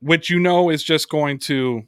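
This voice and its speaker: A fairly high-voiced male podcast host who tells stories with animation and swears freely. He moves easily between reading sponsor plugs and ranting about daily life. The sound is close and dry. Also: measured pace, dry recording. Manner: animated storyteller, heavy swearing. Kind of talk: casual sports podcast chat.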